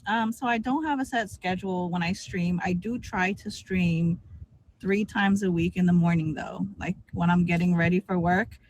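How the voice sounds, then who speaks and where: A woman's voice: lowish voice, normal speed, darkish tone. A woman in her late thirties, a guest on a livestream, talking candidly and a little self-consciously about her life. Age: 30s. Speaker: guest streamer. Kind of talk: casual interview chat.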